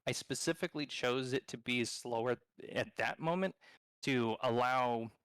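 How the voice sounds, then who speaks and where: A man developing a game, calmly explaining his design choices in a loose, rambling way during a casual live stream. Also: mid-range voice, moderate pace, smooth, no room sound, clean studio sound. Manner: thoughtful, explaining, rambling with restarts.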